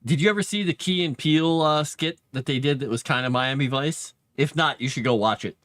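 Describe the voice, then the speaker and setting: A man's voice: fairly high pitch, brisk, a bit bright, no echo. A man streaming live as he writes fantasy lore, chatting casually and rambling, and reading his drafts aloud under his breath.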